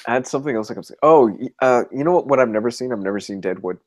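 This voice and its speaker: Homem animado de entonação variada. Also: male voice, medium pitch, lively intonation, rapid-fire, a little mellow. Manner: enthusiastic, laughs often. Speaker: podcast co-host. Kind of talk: casual chat.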